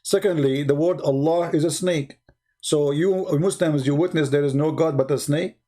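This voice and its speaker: A man's voice: fairly high pitch, moderate pace, warm tone. A man hosting an argumentative call-in debate, pressing the caller with mocking, insistent repeated questions. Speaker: debate show host.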